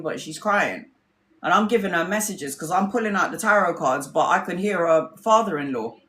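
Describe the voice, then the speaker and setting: A woman's voice: fairly low pitch, fairly bright tone, echoey room. A woman tarot reader telling stories in casual livestream chat. She is blunt and chatty, swears freely and acts out her friends' lines.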